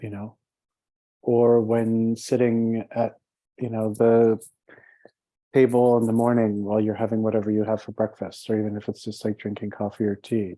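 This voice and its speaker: A man's voice: lowish voice, mellow, dry recording, low-quality recording. A man giving a casual, conversational meditation talk as a teacher, chatty and laughing, with plenty of "you know" and "like". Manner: conversational, laughing, many fillers.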